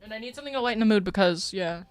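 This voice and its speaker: Her mid-range voice is expressive and racing as she plays a game live, chatting loosely with viewers, swearing, joking, and occasionally shouting without warning. Music plays faintly behind her.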